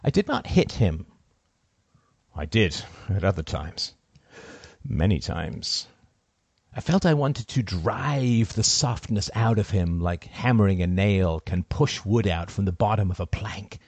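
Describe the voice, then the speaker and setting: A man narrating a first-person story in a cold, deliberate, sardonic manner. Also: fairly low pitch, lively intonation, a little mellow, breathy edge, no room sound.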